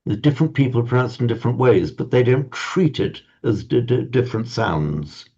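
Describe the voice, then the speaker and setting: Here a language teacher speaks a little fast, his medium-pitched voice darkish and slightly rough but lively in intonation. He drifts from topic to topic, often stammering and starting over, and adds wry asides. The audio is dull and lo-fi.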